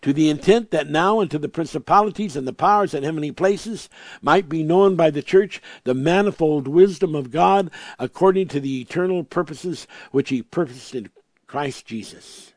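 A man preaching with emphatic, repeated phrases, reading scripture slowly and dropping from loud proclamations to quiet asides. His voice sits slightly high, and it is recorded close and dry with no room echo. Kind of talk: sermon.

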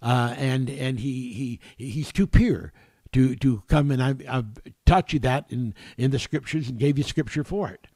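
A man preaching a sermon, halting and repeating words, growing forceful when reading scripture. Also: mid-range voice, no echo.

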